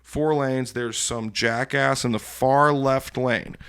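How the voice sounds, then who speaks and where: A man with a gravelly, mid-pitched voice co-hosts a casual podcast. He tells stories animatedly and swears freely. The sound is dry and close. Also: takes it slowly, dry recording. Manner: profane, animated storyteller. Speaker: podcast co-host. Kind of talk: casual chat.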